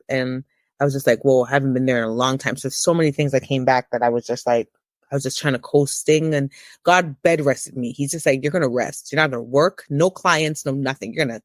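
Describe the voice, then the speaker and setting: A woman in her thirties giving a candid personal testimony as an interview guest, with emotional, preacher-like rises in pitch. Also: no room sound, studio quality.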